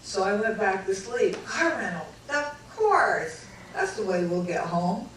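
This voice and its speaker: A middle-aged woman from California telling her own story to an audience, animated, acting out the voices of the people she quotes and laughing along the way. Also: mid-range voice, a little slow, slight background noise. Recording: echoey hall, mic from a distance.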